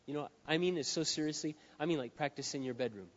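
A man's voice: on the high side, fast, few pauses. Emphatic preaching man in a ringing hall. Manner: emphatic preaching, dropping to hushed lines then building to shouts. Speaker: pastor. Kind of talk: sermon. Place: large hall with a live audience. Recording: dull, reverberant hall sound.

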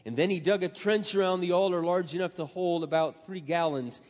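A man with a high voice preaches a sermon, telling a scripture story dramatically and dropping from loud passages into hushed asides. His voice carries a long hall echo. The recording sounds dull and lo-fi. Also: brisk.

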